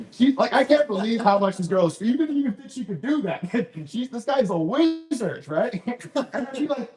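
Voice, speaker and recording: A young-sounding Canadian man works a club crowd with self-deprecating, rambling stand-up. His voice sits a touch high. The room rings around him. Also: lively intonation, a little fast, a little mellow, reverberant. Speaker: stand-up comedian. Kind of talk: stand-up comedy set. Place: comedy club stage.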